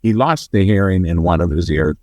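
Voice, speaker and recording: A man guest on a podcast, telling a rambling story and getting animated when he quotes others. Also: low-pitched, a little fast, no echo. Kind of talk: conversational storytelling.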